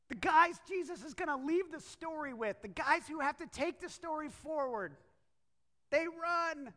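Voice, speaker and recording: A woman's voice: high-pitched, fairly bright tone. A woman preacher delivering a sermon as a story, acting out the quotes and turning to the listeners with asides. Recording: echoey hall.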